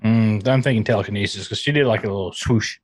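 A man's voice: on the low side, quick pace, no echo, studio quality. A man co-hosting a podcast, teasing his co-hosts in casual banter. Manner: wry, teasing. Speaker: podcast co-host.

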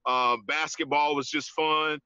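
A man, telling his story in an interview, halting, with many restarts, often saying "man". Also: on the high side, level tone, pushed and bright, clean tone, dry recording, lo-fi sound. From Georgia, US. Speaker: interview guest. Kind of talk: casual testimony in an interview.

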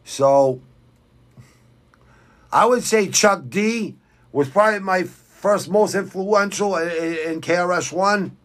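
A man's voice: sits high, takes it slowly, long pauses. A middle-aged man from Boston with a Boston accent, hosting a fight podcast in a blunt, rambling, profane rant while reading viewer comments. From Southwest Quincy, Massachusetts. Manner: blunt, rambling, heavy swearing. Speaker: podcast host.

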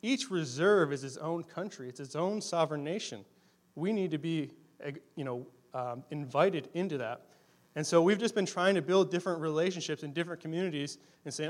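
A man's voice: fairly high pitch, fairly quick. A young adult man giving a casual missionary talk to a congregation, telling stories in a conversational, earnest way with fillers. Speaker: missionary speaking to a church.

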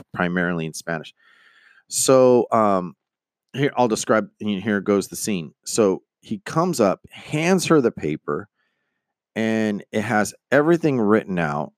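An American storyteller with a low voice spins a long, rambling personal anecdote, animatedly acting out other people's voices and swearing casually. The recording is dry and close, with no room sound.

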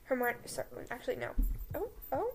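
Young woman podcast host, high voice, giggly and flustered, casual comedic reading. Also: sing-song, a little fast, background noise. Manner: giggly, self-interrupting, flustered.

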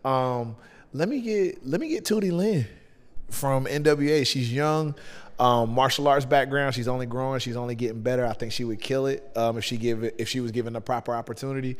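A man's voice: medium pitch, a little fast. A man with a Southern US accent chatting casually as a podcast guest, rambling with lots of fillers and restarts. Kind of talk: casual chat. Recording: long hall reverb.

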